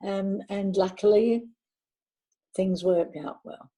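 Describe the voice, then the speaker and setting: An older woman, a veteran actress, chatting warmly in an interview and telling anecdotes from her career. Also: medium pitch, takes it slowly, a little hiss or hum, low-quality recording. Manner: warm anecdotal, chatty with restarts. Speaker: actress guest. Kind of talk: reminiscing interview talk.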